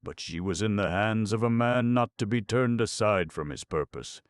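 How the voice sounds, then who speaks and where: A man narrating a classic novel as an audiobook in a measured, expressive storytelling manner. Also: fairly low pitch, no room sound, studio quality.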